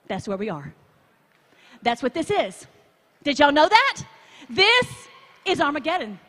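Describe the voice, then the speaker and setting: A woman from Texas, preaching to a live audience in a chatty, animated way and asking the crowd to join in. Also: sits high. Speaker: conference speaker. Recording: long hall reverb.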